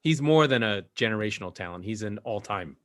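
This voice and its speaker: A man co-hosting a casual football podcast, animated and profane, his pitch jumping up when he makes a point. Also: a little fast. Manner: animated, profane, rising to high emphatic pitch. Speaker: podcast co-host. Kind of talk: casual sports chat.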